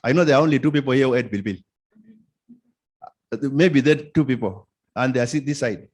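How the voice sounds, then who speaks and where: A man's voice: medium pitch, fast talker. A middle-aged Kenyan man giving an informal conference talk, quizzing the audience and repeating his points. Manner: animated, asks the audience questions, repeats phrases. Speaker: conference speaker.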